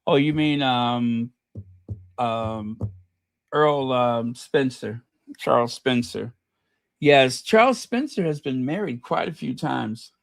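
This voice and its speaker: A man's voice: mid-range voice, lively intonation, slow pace, creaky, no echo, studio quality. A man hosting a casual livestream, rambling with many fillers and reading viewer comments aloud. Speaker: channel host.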